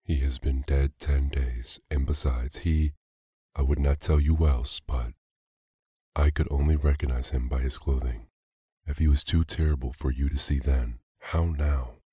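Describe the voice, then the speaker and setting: Fearful old husband, unsteady, voiced by a man reading in a deep, husky, mellow tone. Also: steady tone, a little slow, dry recording, studio quality, heavily acted. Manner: unsteady, faltering. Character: frightened old husband, shaken and reluctant.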